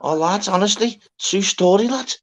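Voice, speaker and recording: A man's voice: high voice, normal speed, fairly bright tone, a little hiss or hum. Rambling man telling a wild story. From Scotland. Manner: rambling, repeats "lad" and "get on this". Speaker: storyteller on a chat panel. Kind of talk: casual chat, swearing anecdote.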